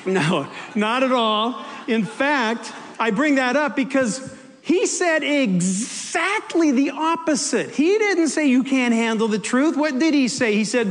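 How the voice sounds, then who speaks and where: A man's voice: extremely high pitch, expressive, a little slow. A man preaching a sermon, telling an emotional personal story and changing his pace for emphasis. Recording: long hall reverb with faint music.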